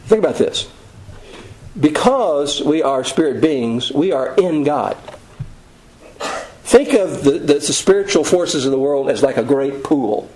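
Male preacher, slightly raised pitch, folksy conversational sermon delivery. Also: animated, a little mellow, slight background noise, poor audio. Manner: conversational, folksy storytelling with quick asides.

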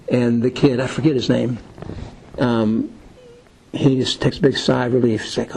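A man's voice: medium pitch, fairly even intonation, normal speed, gravelly, a little mellow, rough recording. A man leading a Bible study lesson in a conversational, rambling way, with many fillers and film scenes retold as illustrations.

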